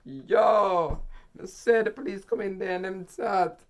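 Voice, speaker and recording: A lively storyteller speaking British Jamaican patois, recorded for a storytime vlog. The delivery is animated: quoted lines are acted out with outbursts of laughter. The voice sits at a middle pitch. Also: measured pace. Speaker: vlogger.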